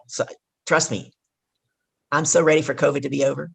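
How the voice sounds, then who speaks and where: A woman business coach, a podcast guest, telling a lively story and acting out what people said. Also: sits low, fairly quick, gravelly, husky. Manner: animated storyteller who acts out dialogue. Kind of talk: storytelling interview.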